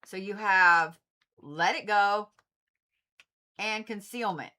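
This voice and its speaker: Woman, livestream card reader, bright forceful tone, chatty and blunt with the odd curse. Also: medium pitch, slow pace. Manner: chatty, swears freely, talks straight to viewers. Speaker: Reiki practitioner and tarot reader. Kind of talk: casual livestream card reading.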